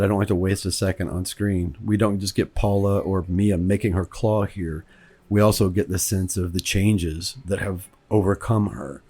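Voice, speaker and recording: Low-voiced husky man from Kentucky. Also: a little mellow. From Kentucky, United States. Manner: rambling, conversational, repeats words as he thinks. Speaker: film director. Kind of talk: director's commentary.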